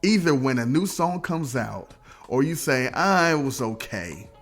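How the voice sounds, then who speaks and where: Animated, profane man ranting on a podcast. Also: medium pitch, a little slow, soft background music. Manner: animated, profane, mimics others mid-rant. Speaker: podcast guest. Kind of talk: casual podcast chat.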